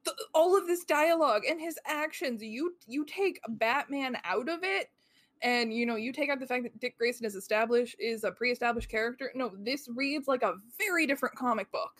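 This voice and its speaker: A woman's voice: high voice, normal speed, fairly bright tone, no room sound. A woman co-hosting a casual comic book podcast, wry and critical, swearing and laughing as she talks. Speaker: podcast co-host.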